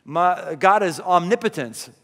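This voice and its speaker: A man's voice: sits high, animated, a little slow, vocal fry, fairly bright tone. A man pastor preaching a conversational sermon in a large church, full of rhetorical questions. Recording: long hall reverb.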